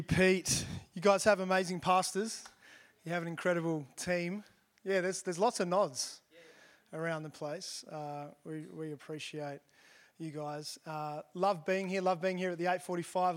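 High-voiced guest minister, effusive. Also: male voice, steady tone, normal speed, fairly bright tone. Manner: effusive, complimenting the audience. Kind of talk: warm-up words to a congregation.

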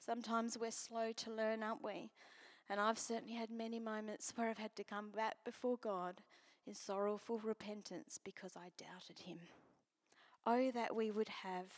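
A woman preaching a sermon and reading scripture, earnest, moving from strong emphasis to soft near-whispers. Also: a little high, fairly even intonation, unhurried. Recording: long hall reverb.

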